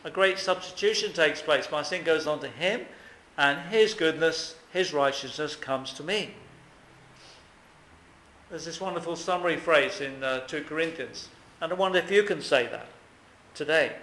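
A man's voice: fairly high pitch, normal speed, bright, forceful tone, reverberant, rough recording. A man preaching a sermon, earnest and emphatic, often asking questions of his listeners.

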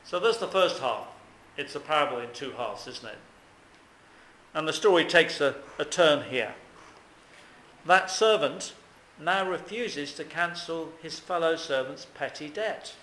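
A man's voice: a little high, lively intonation, measured pace, pushed and bright, reverberant, a little hiss or hum, rough recording. A man preaching a sermon, earnest and emphatic, often asking questions of his listeners.

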